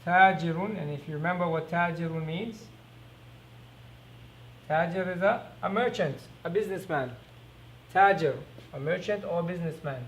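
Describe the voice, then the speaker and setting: A man teaching an Arabic lesson, repeating each word slowly and asking quick rhetorical questions as he writes on a board. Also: fairly high pitch, a bit bright, slight background noise. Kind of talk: recorded classroom lesson.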